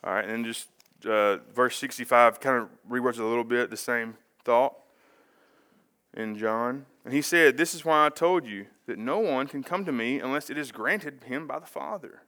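A man's voice: mid-range voice, moderate pace, sharp tone. A man preaching a casual sermon, talking conversationally with rambling asides and self-corrections.

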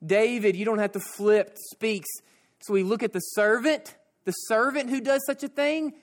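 A man preaching a sermon, repeating phrases and slowing down to stress his points. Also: sits high, fairly even intonation. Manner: repeats phrases and slows down for emphasis.

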